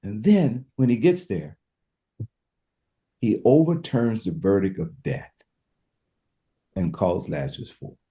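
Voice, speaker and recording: A man's voice: on the low side, big pitch swings, slow, pauses often, mellow. A man speaking as a pastor and podcast guest, telling a scripture story with emphatic, preacher-style passion and repeated words as he builds each point.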